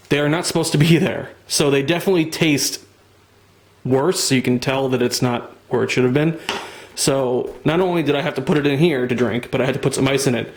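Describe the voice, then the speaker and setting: A young man with a gravelly, middle-pitched voice talks casually into his camera at home. He rambles, swears freely and pokes fun at himself, with a faint hiss of noise under him. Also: rough recording. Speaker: vlogger. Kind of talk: casual vlog talk.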